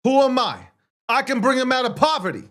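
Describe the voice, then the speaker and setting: Man, high voice, livestream host, intense profane ranting, repeats himself. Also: animated, fairly quick, fairly bright tone.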